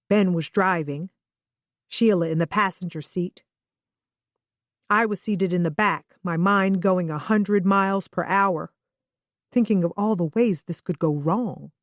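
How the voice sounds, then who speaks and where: A woman narrating a first-person thriller audiobook with steady, even delivery. Her voice sits on the low side for a woman. The recording is dry and close, with no room sound. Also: no room sound.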